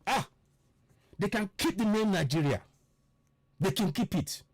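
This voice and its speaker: Fervent man with a lively voice. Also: sits high, measured pace, no room sound. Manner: fervent, preachy, full of repeated rhetorical questions; repeats himself for emphasis. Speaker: political commentator. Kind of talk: impassioned political monologue.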